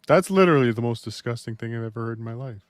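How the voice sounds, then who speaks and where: A man's voice: medium pitch, lively intonation, rapid-fire, dry recording. A man asking probing questions in a dry, mock-serious interview manner.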